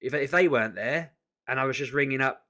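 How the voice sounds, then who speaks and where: A man venting in a casual vlog to camera, exasperated and animated, often restarting his sentences. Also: mid-range voice, brisk. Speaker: vlogger.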